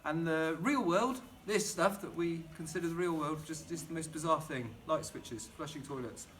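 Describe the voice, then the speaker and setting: A man's voice: on the high side, moderate pace, fairly bright tone. A middle-aged man chatting and rambling enthusiastically while demonstrating gardening at home in his kitchen. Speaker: gardening vlogger.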